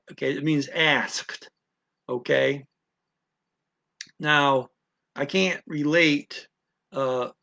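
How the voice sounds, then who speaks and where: A man teaching word by word in a casual lesson, halting and repeating sounds aloud with many fillers. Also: mid-range voice, gravelly, bright, forceful tone. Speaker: language teacher.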